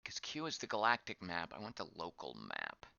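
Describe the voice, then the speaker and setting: A man's voice: low-pitched, wildly swooping pitch, moderate pace, vocal fry, bright, forceful tone, no room sound. A man giving casual gameplay commentary as he plays, thinking aloud, wondering and reacting to what is on screen. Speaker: game streamer. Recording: dull lo-fi dry voice track.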